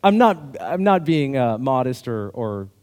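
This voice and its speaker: A man's voice: mid-range voice, sing-song, measured pace, a little mellow, long reverb tail. A male pastor giving a sermon in a conversational, self-deprecating way, with light laughs between points.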